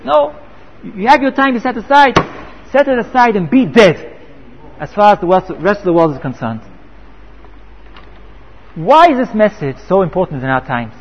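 A man's voice: high voice, big pitch swings, moderate pace, long pauses, a little hiss or hum. A man giving a Torah lecture, telling a parable and asking rhetorical questions. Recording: echoey hall, dull lo-fi sound.

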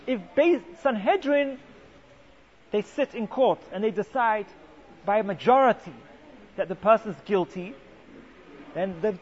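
A man's voice: very high-pitched, a little mellow, husky. A man teaching a Torah class as a rabbi, asking rhetorical questions and dropping sarcastic asides. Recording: muffled lo-fi recording with faint hiss.

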